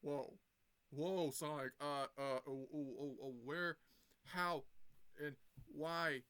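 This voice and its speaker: A man's voice: on the high side, fairly even intonation, takes it slowly, fairly bright tone, clean tone. A young man putting on the voice of a boastful male villain scientist, squealing his exclamations. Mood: startled.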